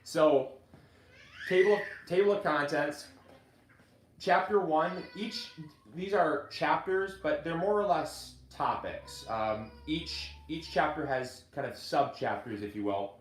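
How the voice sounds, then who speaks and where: A man's voice: fairly high pitch, expressive, slight background noise. Chatty man in an echoey room. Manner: chatty, halting restarts, gets choked up reading. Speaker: gardening channel host and author. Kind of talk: casual live video chat.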